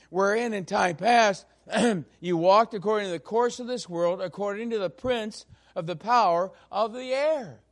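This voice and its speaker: A man preaching a sermon as pastor, stressing key phrases slowly and often pausing on fillers. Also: sits high, vocal fry.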